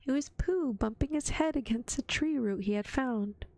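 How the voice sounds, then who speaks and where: A woman reading a children's storybook aloud in a gentle ASMR whisper. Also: high-pitched, normal speed, no echo. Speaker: vtuber storyteller.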